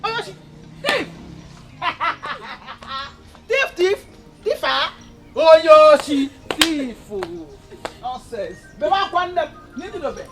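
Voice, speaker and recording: A scornful Nigerian bully sister. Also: female voice, sits high, sing-song, drawn-out words, music in the background, heavily acted. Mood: mocking. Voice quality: loud, mocking, taunting. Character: scornful bossy young woman bully. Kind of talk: Nollywood film acting.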